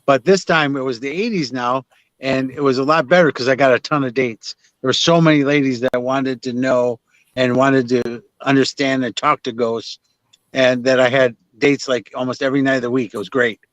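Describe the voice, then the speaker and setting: A man's voice: medium pitch, fairly even intonation, normal speed, fairly bright tone, dry recording. An older man, a psychic medium guest, telling stories in a chatty, self-mocking way with many restarts, talking from his car on a video call. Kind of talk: casual storytelling interview. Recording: dry, dull lo-fi sound.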